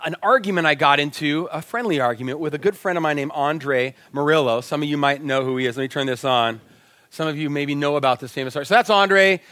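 A male pastor preaching a sermon with personal stories, animated and telling them with feeling, sometimes dropping almost to a whisper. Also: a little high, no echo. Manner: animated, acts out quoted dialogue, drops to near whispers. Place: church sanctuary.

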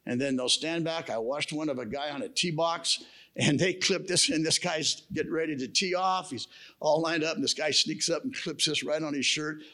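A man's voice: fairly high pitch, steady tone, normal speed, pushed and bright. A man preaching a sermon at a men's camp, telling stories in a folksy way with humorous asides. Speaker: camp speaker.

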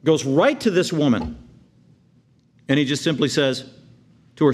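A man delivers a sermon in a somewhat high voice. He sinks to quiet, tender passages and then climbs into loud, excited bursts as he acts out the crowd's outrage. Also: moderate pace, pauses often, slightly rough. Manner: earnest preaching, swings from hushed tender lows to loud excited highs. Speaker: pastor.

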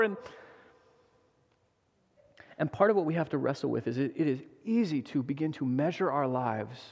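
A man in his thirties preaching a sermon as a guest pastor, earnest and animated as he tells stories, often restarting his sentences. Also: high voice, in a large hall, dull audio.

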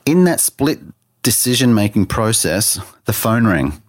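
Earnest low-voiced man telling his story. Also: big pitch swings, unhurried, dry recording, studio quality. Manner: earnest storytelling, many restarts, acts out own thoughts. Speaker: interview guest. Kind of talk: personal testimony in conversation.

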